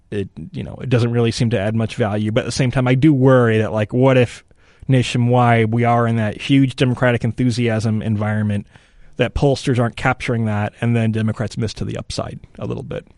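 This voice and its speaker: A man's voice: medium pitch, steady tone, a little fast, a little mellow, no room sound, studio quality. A man analysing election forecasts in a casual podcast chat, thinking aloud and hedging with frequent "you know" and "right?".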